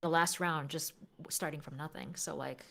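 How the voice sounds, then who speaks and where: A woman's voice: low voice, fairly even intonation, moderate pace, creaky, fairly bright tone. A woman co-commentating a board game on a livestream. She speaks conversationally with many "like"s and often asks questions.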